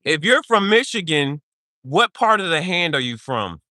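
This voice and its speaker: A man's voice: on the high side, big pitch swings, moderate pace, pushed and bright, no echo, clean studio sound. A man hosting a podcast in casual chat, playful and laughing often as he jokingly sounds out foreign words. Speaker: podcast host.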